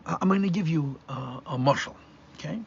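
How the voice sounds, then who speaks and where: A man's voice: a little high, a little fast, gravelly, a little hiss or hum. A man, a rabbi, teaching a live class, explaining step by step and thinking aloud with restarts. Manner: explanatory, mixes Hebrew and Yiddish terms, restarts and thinks aloud. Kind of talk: live Torah class lecture. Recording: dull lo-fi live class recording.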